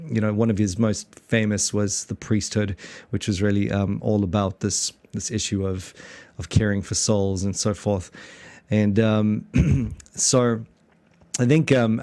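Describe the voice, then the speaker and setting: South African man, podcast host, rambling chatty delivery, slightly low voice, dry recording. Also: darkish tone, no echo. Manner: rambling, many restarts and fillers, laughs easily. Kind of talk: casual theology podcast chat.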